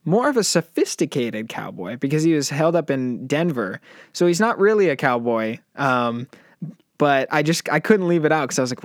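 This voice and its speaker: A young man co-hosting a casual podcast from an apartment, telling stories with lively retellings. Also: fairly high pitch, moderate pace, dry recording, studio quality. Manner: animated storyteller, mimics voices in retellings. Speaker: podcast co-host. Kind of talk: casual chat.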